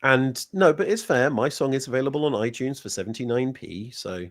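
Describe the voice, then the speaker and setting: A man's voice: mid-range voice, fairly quick. A man in a casual livestream chat, explaining things earnestly and in detail.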